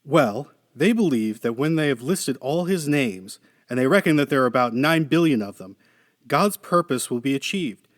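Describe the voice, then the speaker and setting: A man's voice: medium pitch, animated, moderate pace, no echo, clean studio sound, close to an everyday voice. A man reading the part of an anxious, chatty male computer engineer who talks with urgency. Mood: urgent.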